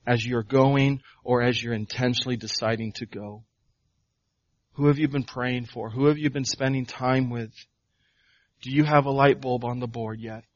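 A man's voice: medium pitch, steady tone, moderate pace, dry recording, lo-fi sound. A male pastor preaching a sermon, firing off rhetorical questions and building to emphatic proclamations.

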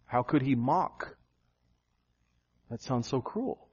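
A male pastor preaching a sermon, animated, jumping up in pitch for emphasis. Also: slow, slightly rough, muffled recording.

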